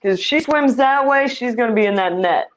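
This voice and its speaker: A woman's voice: a little high, lively intonation, normal speed, poor audio. A woman giving a casual tour of the fish tanks in her home, chatty and self-deprecating, laughing easily.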